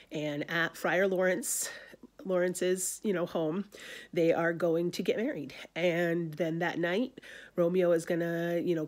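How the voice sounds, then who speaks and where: Woman teacher recapping a play. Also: fairly low pitch. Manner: conversational, many fillers. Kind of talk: explaining a play in a lesson.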